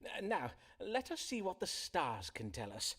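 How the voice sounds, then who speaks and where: An actor playing a courteous doctor and astrologer of old London in a video game, speaking in archaic polite phrases. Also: male voice, sits high, huge pitch swings, measured pace, fairly bright tone, husky, full character voice. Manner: archaic polite speech, forsooth and pray.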